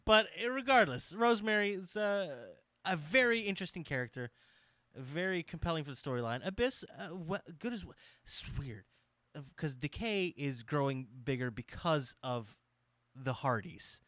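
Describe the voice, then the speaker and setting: A man co-hosting a casual podcast chat, animated and profane as he riffs. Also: on the high side, moderate pace, dry recording. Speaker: podcast co-host.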